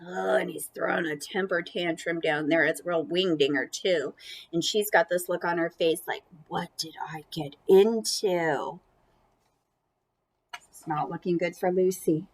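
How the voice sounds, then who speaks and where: A woman reading a picture book aloud to children, animated and playful, with chatty asides about the pictures. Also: on the low side, moderate pace. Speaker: storybook reader.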